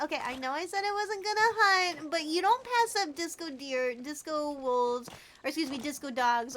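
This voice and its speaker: A young woman streaming a game live, chatting warmly with viewers and squealing at near misses. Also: sits high, expressive, normal speed. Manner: bubbly, chatty, greets viewers warmly by name. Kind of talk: live gameplay commentary.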